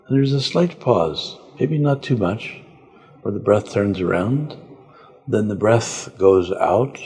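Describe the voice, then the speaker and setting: A man, a spiritual teacher on a podcast, calmly and slowly guiding a breath meditation. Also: fairly low pitch, breathy edge. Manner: calm, slow, gentle guiding. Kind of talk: guided meditation instruction.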